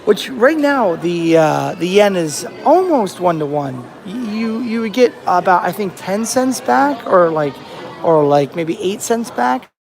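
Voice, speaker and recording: A man's voice: sits high, very animated, unhurried, gravelly, soft background music. Rambling young man telling a travel story. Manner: rambling, restarts often, chatty storyteller. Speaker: travel vlogger. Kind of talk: casual vlog storytelling. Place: outdoors on a rainy beach. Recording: faint outdoor ambience.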